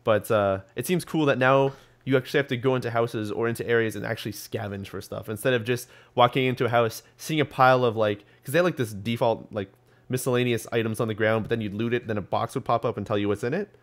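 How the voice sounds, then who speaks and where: A man's voice: medium pitch, fast talker. A young man hosting a podcast, chatting casually about gaming news with lots of ums and restarts. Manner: rambling, full of ums and restarts. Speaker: podcast host.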